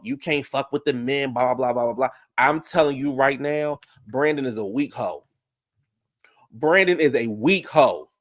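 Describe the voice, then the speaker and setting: A man, casually reviewing a reality show, loud and animated, with profane storytelling and sudden falsetto outbursts. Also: no echo, clean studio sound. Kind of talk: casual reaction commentary.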